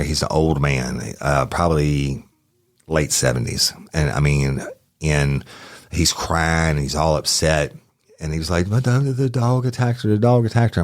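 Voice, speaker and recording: A man's voice: rumbling low, no room sound, clean studio sound. A man telling a rambling, profane true-crime story from his police days, correcting himself as he goes. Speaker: podcast host, former police officer.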